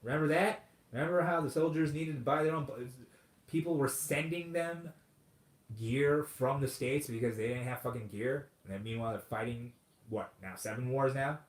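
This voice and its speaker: A man's voice: medium pitch, normal speed. Profane ranting man in a roomy space. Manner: profane, sarcastic, swings from muttering to loud outbursts. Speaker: podcast host. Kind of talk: comedic ranting monologue. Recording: roomy echo.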